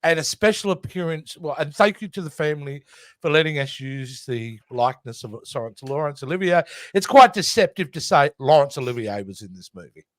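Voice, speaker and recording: A chatty man reviewing films on a podcast. His voice sits a touch high and swings up and down a lot. It comes through a dry, close mic. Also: animated, a little fast, dry recording. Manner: chatty, hesitant, with many restarts. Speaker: podcast co-host. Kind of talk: casual film review chat.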